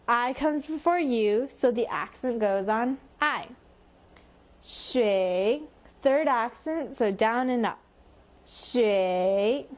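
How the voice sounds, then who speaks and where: A woman teaching a language lesson, patiently explaining and modeling tones by sliding her voice up and down. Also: on the high side.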